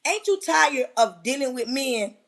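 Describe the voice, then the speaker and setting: A woman with a very high voice delivers a fervent motivational talk on a live stream. She preaches at her listeners, drives the same phrase home again and again, and often breaks into a yell. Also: lively intonation, unhurried.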